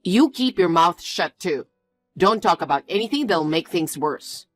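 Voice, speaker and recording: A woman's voice: on the low side, expressive, unhurried, soft background music. A woman voicing a defensive, bossy young man who talks in a curt, scolding way. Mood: irritated.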